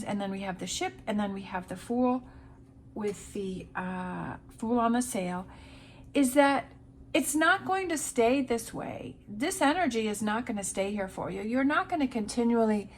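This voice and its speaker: A woman's voice: a little high, a little hiss or hum. Encouraging woman giving a tarot reading. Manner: encouraging, repetitive, reassuring. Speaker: tarot reader.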